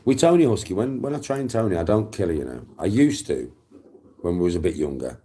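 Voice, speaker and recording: A middle-aged Englishman with a very low, mellow voice, chatting casually. He rambles, swears freely and circles back over his own phrases. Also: expressive, a little fast. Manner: rambling, profane, repeats himself. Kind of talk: casual storytelling chat.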